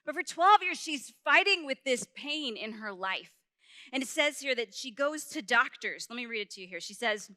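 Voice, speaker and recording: A young adult woman giving a faith talk at a youth conference, telling a personal story in an animated way and acting out the voices she quotes. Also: high voice, normal speed, dry recording, studio quality.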